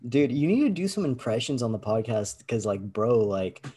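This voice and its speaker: A man's voice: mid-range voice, big pitch swings, moderate pace, mellow, breathy edge. A young man co-hosting a podcast in casual, slangy chat over a video call. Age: young adult. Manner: laid-back, slangy. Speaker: podcast co-host.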